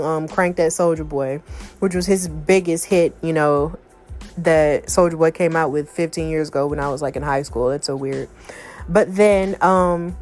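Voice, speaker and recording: A woman's voice: mid-range voice, a little mellow. A woman in her thirties hosting a podcast, chatting casually and reading out online posts with exasperated asides. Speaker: podcast host. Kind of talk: casual chat, reading out social media posts.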